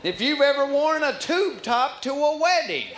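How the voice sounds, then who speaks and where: A man's voice: very high-pitched, very animated, normal speed, crowd noise. A man performing a folksy stand-up routine on a comedy club stage, with audience laughter behind him. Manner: folksy, drawling storyteller. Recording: live club recording, roomy, audience noise.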